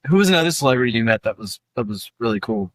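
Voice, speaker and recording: A man hosting a podcast in casual chat, laid-back and quick to laugh. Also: mid-range voice, animated, a bit bright, dry recording. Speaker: podcast host.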